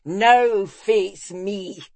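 A woman's voice: mid-range voice, very slow, dry recording. A woman voicing a fierce old warrior queen. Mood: defiant.

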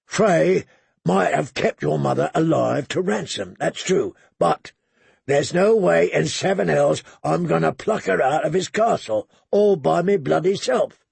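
A man doing a growling gruff warrior. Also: fairly high pitch, unhurried, a little mellow, no room sound, exaggerated voice. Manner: growling, coarse. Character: gruff scarred man-at-arms, menacing.

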